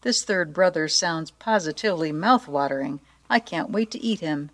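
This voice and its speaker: A greedy, boastful troll under a bridge, as a woman storyteller puts him on, gleeful and full of rhymes. He sounds a touch low and soft, with an eager, bragging bite. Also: moderate pace.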